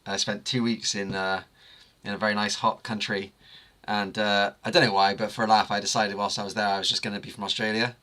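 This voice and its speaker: Bright-toned English man hosting a band stream, teasing, brisk storyteller. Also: lowish voice, little pitch movement. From England. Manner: upbeat, teasing, quick anecdotes. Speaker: livestream host. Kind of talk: casual chat.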